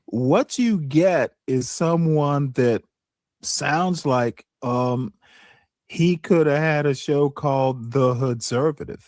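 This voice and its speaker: A man on a casual livestream panel, talking in a deliberate, argumentative way as he lays out his opinion. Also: medium pitch, darkish tone, dry recording.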